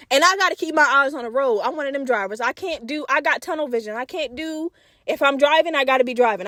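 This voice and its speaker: A young woman hosting a podcast, telling a story in a loud, profane, animated casual way straight to her listeners. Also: high voice, no echo, clean studio sound. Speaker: podcast host. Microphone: podcast mic.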